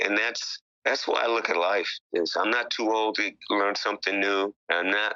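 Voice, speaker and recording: A man's voice: fairly low pitch, bright, forceful tone, no room sound, muffled recording. An older man from Chicago, a rock musician, talking frankly and bluntly in an interview, with casual swearing. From Chicago, USA. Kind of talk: candid interview talk.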